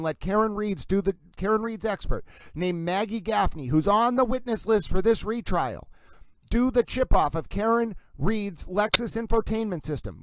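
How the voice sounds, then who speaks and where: A man with a Massachusetts accent hosts a commentary stream and argues each point with insistence. His voice sits high and sounds smooth and clear. The sound is dry and close. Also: no echo. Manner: emphatic, insistent, repeatedly addresses "ladies and gentlemen". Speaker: livestream host.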